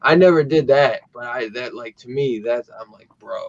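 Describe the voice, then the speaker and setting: Brief: relaxed male guest, mid voice, muffled remote audio, dry. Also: mid-range voice, normal speed, dry recording. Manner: loose storyteller, says "like" and "bro" a lot. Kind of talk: casual chat.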